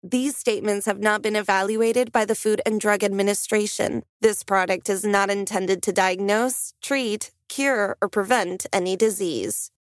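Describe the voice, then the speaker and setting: A woman reading an advertising disclaimer softly and quickly. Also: medium pitch, fairly even intonation, no room sound, studio quality. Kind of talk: rapid ad disclaimer.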